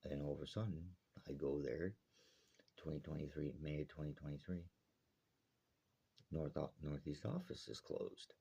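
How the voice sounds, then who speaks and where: A man's voice: rumbling low, normal speed, gravelly, pauses often, warm tone, breathy edge, lo-fi sound. A man from Alberta ranting bluntly and heatedly to camera, swearing often. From Alberta, Canada. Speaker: vlogger. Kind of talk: angry rant to camera.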